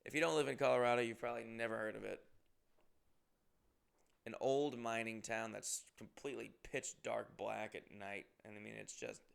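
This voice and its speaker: A comedian from Massachusetts telling a rambling, profane story in a casual way and acting out what people said. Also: male voice, on the low side, steady tone, moderate pace, gravelly, clear, resonant tone. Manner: rambling, profane, acts out quotes. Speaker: comedian and podcast host.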